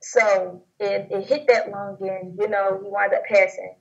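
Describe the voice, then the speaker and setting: A young woman sharing a personal testimony in an interview, talking in a rambling, halting way with many fillers and restarts. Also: mid-range voice, little pitch movement. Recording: dull lo-fi audio.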